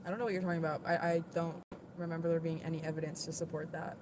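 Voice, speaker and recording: A woman's voice: sits low, level tone, rapid-fire, background noise. A young woman from the southern United States, chatting casually on a live stream in a blunt, defensive way and saying "like" often. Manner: blunt, defensive, says "like" a lot. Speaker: livestreamer.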